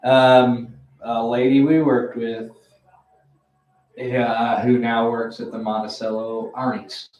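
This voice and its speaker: A man's voice: medium pitch, takes it slowly, distant mic. A man telling a long story in casual chat at a poker game, swearing freely and acting out what his friends said. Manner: profane, animated storyteller who acts out quotes. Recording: roomy echo, away from the mic.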